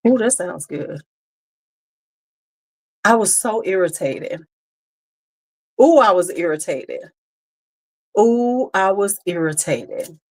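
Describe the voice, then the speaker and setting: A woman's voice: mid-range voice, takes it slowly, long pauses. Chatty woman livestreaming to her viewers. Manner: chatty, animated, talks to viewers directly. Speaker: livestream host. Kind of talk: casual livestream chat.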